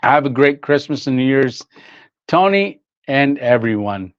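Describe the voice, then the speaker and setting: A man's voice: mid-range voice, animated, measured pace, no room sound, dull audio. An older man hosting a casual livestream, rambling through stories, reading chat aloud and laughing often. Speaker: livestream host.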